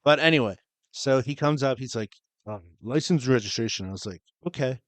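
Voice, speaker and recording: A man's voice: medium pitch, a little fast, a bit bright, no room sound. Young male podcast co-host, casual storyteller, swears a lot, dry close mic. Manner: storytelling, profane, laughing. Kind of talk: casual chat.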